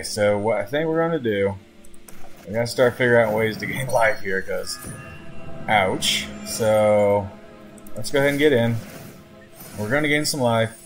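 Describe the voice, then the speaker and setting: A man giving casual live commentary on his own card game, chatting to his opponent as he plays. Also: fairly low pitch. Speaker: gameplay commentator.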